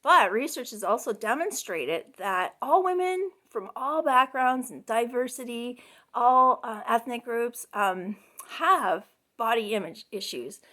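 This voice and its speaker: High-voiced chatty middle-aged woman. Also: lively intonation, measured pace, pushed and bright. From Canada. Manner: chatty, full of "you know" and "um", laughs often. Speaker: counseling student presenting a case. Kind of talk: recorded class case presentation.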